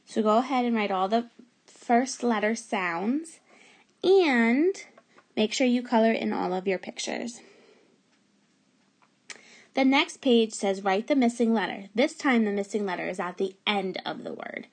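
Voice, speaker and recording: A woman teacher giving a remote phonics lesson to young children, patiently sounding out letters and words. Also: medium pitch.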